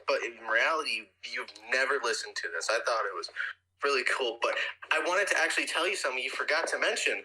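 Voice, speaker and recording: A man's voice: medium pitch, sing-song, quick pace, bright, forceful tone, breathy edge, poor audio. A man co-hosting a casual podcast, chatty and playful. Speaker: podcast co-host. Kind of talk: casual chat.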